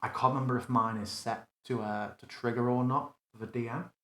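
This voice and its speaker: A man's voice: mid-range voice, fairly even intonation, a little fast, a bit bright, echoey room. A man running a live tabletop tutorial, thinking aloud casually and correcting himself as he builds a scene. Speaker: game master demonstrating a virtual tabletop. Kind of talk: live screen-recorded tutorial.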